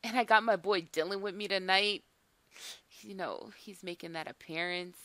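A young woman hosting a gaming video in casual chat, excitable, swearing and saying "like" a lot. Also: medium pitch, moderate pace, no echo. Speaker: gaming channel host.

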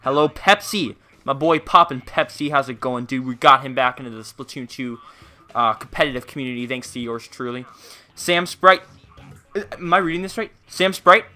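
Bright, upbeat young male streamer. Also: mid-range voice, normal speed. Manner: upbeat and playful, greeting viewers by name. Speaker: game streamer. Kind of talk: casual live-stream chat while gaming.

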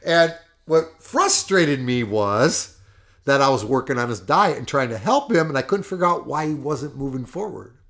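A man hosting a podcast, telling a coaching story in a lively, emphatic way and laughing often. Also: medium pitch, moderate pace. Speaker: podcast host and fitness coach. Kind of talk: casual storytelling.

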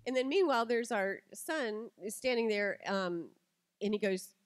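A middle-aged woman giving a lively talk to an audience, telling stories and acting out quotes with animation. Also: mid-range voice, normal speed, no room sound. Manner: animated storytelling, acts out quotes.

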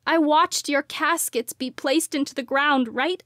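A woman's voice: high-pitched, fairly even intonation, unhurried, fairly bright tone, no echo, clean studio sound, voice pushed up. A woman voicing a distraught young witch. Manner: tearful, pleading, breaking into cries.

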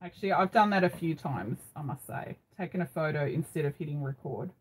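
A woman's voice: low-pitched, animated, a little fast, slightly rough, poor audio. A middle-aged Australian woman hosting a craft live stream, chatting casually and rambling with frequent ums, recorded on a phone. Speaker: craft channel host.

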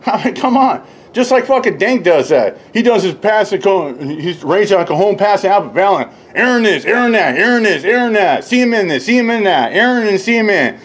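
A man ranting casually and profanely, rambling and mocking others, often laughing and mimicking them in high voices. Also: big pitch swings, normal speed. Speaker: YouTube commentator. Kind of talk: casual rant.

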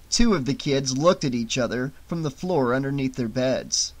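A man's voice: mid-range voice, expressive, normal speed. A man reading a horror novel aloud as an audiobook, in dramatic, tense scripted narration.

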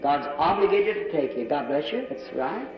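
A man preaches an altar call in a large church, his voice riding high. He pleads fervently, repeating his appeals again and again. The old, dull recording catches him from far off in a long, ringing hall. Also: very animated, normal speed, soft background music. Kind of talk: sermon altar call and prayer. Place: large church with balcony and box seats.

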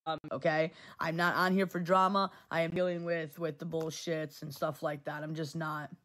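A woman's voice: sits low, flat delivery, moderate pace, a bit bright. Blunt, heated woman streamer. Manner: heated, blunt, repeats herself; swears freely. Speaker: livestream host. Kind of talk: casual livestream talk to chat.

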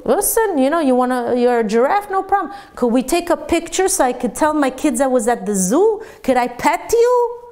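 A chirpy, eager young college guy put on by a woman, his voice jumping high with forced friendliness. He is bright and overly agreeable. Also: big pitch swings, moderate pace.

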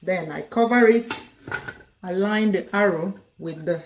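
A woman's voice: mid-range voice, measured pace, roomy sound, a little hiss or hum. A middle-aged woman with a Nigerian accent, chatting and telling stories while she demonstrates her cooking, laughing often. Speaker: cooking vlogger. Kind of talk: casual cooking demonstration and storytelling. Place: home kitchen.

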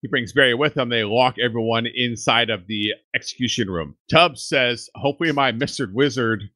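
Bright-voiced man recapping a show. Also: medium pitch, normal speed, dry recording. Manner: animated storyteller, acts out quotes and laughs often. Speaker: podcast co-host recapping episodes. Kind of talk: casual recap chat.

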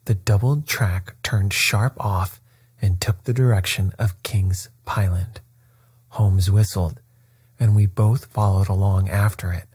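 A man narrating a classic story at bedtime with a soft, steady, soothing delivery. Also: sits low, measured pace, breathy edge, dry recording.

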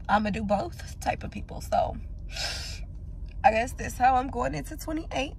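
A woman's voice: a little high, measured pace, vocal fry, long pauses, a little hiss or hum. A woman in her twenties talking casually to camera in a vlog, venting her frustration and sometimes tearful. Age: 20s. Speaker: vlogger.

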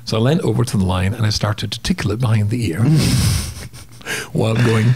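A man's voice: lowish voice, fast talker, gravelly, noisy background. A man telling a story as a guest on a casual interview podcast, acting out sounds and voices as he goes.

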